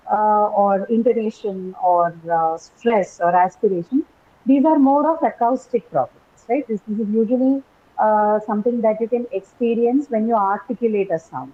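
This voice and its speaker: A woman's voice: mid-range voice, slightly rough. A woman teaching an English lesson over a video call, explaining step by step with many fillers and "right?" checks. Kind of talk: online class lecture. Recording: dull lo-fi online call audio.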